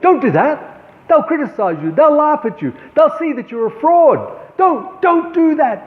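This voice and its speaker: A man putting on the shrill nagging voice of fear. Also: animated, normal speed. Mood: alarmed, scolding. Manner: hectoring, high and urgent warnings. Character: nagging voice of fear, a thief, male. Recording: echoey, tinny phone-like sound.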